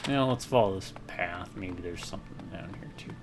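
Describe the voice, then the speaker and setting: A rambling, self-deprecating man commenting on his gameplay in a low, gravelly voice. He is from the American South and drifts from topic to topic in a loose, chatty way. A faint hiss of noise sits behind him. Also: moderate pace. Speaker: let's play gamer.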